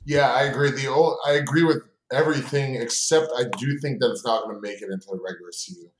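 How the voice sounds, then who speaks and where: A man's voice: mid-range voice, fast talker, a little hiss or hum. A man co-hosting a casual podcast, talking loosely and hedging his predictions. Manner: conversational, hedging with fillers. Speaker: podcast co-host. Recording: roomy echo.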